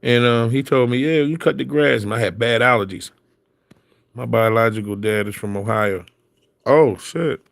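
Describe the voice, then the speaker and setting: A man's voice: medium pitch, normal speed, gravelly, fairly bright tone, dry recording, studio quality. A man in casual chat, telling stories in slang and laughing often. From Philadelphia.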